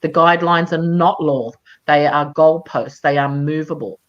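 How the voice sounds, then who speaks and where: A woman campaigner in a live online chat, speaking in a measured, emphatic way with frequent fillers. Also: deep voice, fairly even intonation, muffled recording. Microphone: video call.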